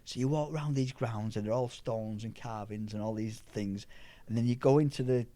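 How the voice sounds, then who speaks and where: A middle-aged Englishman chatting as an interview guest, his voice sitting at an ordinary middle pitch. He tells long, lively anecdotes, stumbling and restarting as he goes. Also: normal speed. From England. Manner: rambling, animated anecdotes with restarts. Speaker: powerlifter guest. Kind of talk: casual storytelling chat.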